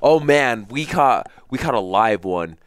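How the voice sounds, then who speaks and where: A man co-hosting a podcast in a casual chat, blunt and quick to swear. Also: mid-range voice, animated, smooth, no room sound. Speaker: co-host.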